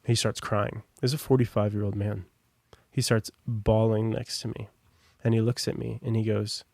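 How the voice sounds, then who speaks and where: A man's voice: lowish voice, flat delivery, moderate pace, gravelly, a little mellow, dry recording. A young American man on a podcast, telling his own story in a casual, rambling way with lots of fillers and asides. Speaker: podcast guest.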